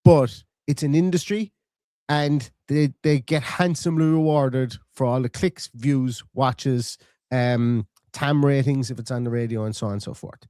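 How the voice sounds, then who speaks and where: A man, talking in an animated, rapid-fire way and making his points with energy in a casual football chat. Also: mid-range voice, smooth, no echo, studio quality. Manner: animated, rapid-fire, acts out quoted voices. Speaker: football fan podcast host.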